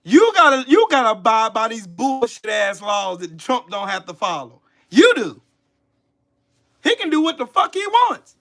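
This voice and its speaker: A man's voice: very high voice, very animated, moderate pace, sharp tone. A man hosting a livestream, ranting with heated profanity and scolding people in his chat. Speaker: channel host. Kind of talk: livestream commentary rant.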